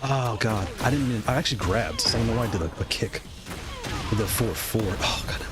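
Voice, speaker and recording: Nervous excitable guy doing live fighting game commentary, voice jumps all over, loud music behind. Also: fairly low pitch, a little fast. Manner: nervous, excitable, repeats himself. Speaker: streamer playing a fighting game tournament.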